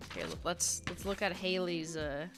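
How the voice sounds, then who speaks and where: Woman, low voice, streamer host; casual, dry and amused, light music bed. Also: sing-song, normal speed. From Canada. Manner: chatty, wry asides, frequent laughs. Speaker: host reading viewer mail. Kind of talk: casual livestream chat.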